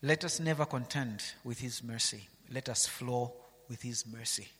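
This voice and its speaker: A man's voice: medium pitch, normal speed, fairly bright tone, slightly rough, in a large hall. A man preaching a sermon, reading scripture aloud and asking his listeners rhetorical questions.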